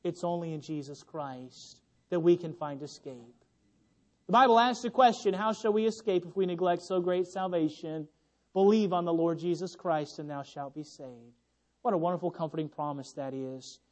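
A young adult male pastor preaching a sermon, swinging from loud exclamations to hushed, tender passages. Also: fairly high pitch, normal speed.

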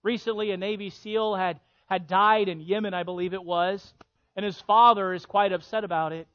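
A pastor from Illinois preaching a sermon, swinging between hushed passages and loud, emphatic ones. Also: male voice, high-pitched, steady tone, normal speed, muffled recording. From Illinois, USA.

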